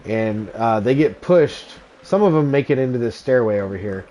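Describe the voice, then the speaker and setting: A man's voice: medium pitch, animated, moderate pace, mellow, a little hiss or hum. A man hosting a casual livestream, chatting with viewers and explaining his gameplay while laughing often. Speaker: streamer.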